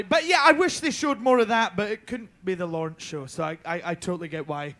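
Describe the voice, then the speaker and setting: Man, Scottish accent, high-pitched, chatty anecdote, frequent ums, swears freely. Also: expressive, fairly quick, hardly any pauses, a bit bright. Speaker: drag performer, viewing party panelist. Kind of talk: casual anecdote telling.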